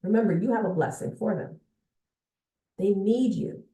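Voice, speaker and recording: A woman with a mellow, mid-range voice speaks at a moderate pace, giving viewers an emphatic motivational sales coaching talk and frequently checking in with her audience. She's indoors with a bookshelf behind her, and the room sounds echoey.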